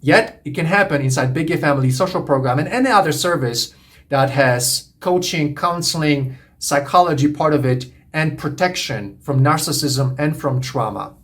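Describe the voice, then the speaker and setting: A man's voice: fairly high pitch, moderate pace, fairly bright tone. A man coaching on relationships, lecturing in an earnest, repetitive, emphatic way. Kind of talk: monologue lecture to camera.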